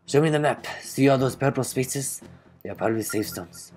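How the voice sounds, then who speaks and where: A man's voice: mid-range voice, moderate pace, darkish tone, soft background music, voice pushed up, close to an everyday voice. A man voicing a brash, pushy male sailor captain while reading game dialogue aloud. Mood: bossy. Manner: boastful, bossy, reading game text aloud.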